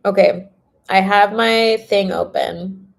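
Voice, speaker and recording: A woman's voice: mid-range voice, fairly even intonation, slow pace, vocal fry. A young woman reading tarot on a livestream in casual chat, laughing often and swearing freely. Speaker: tarot reader.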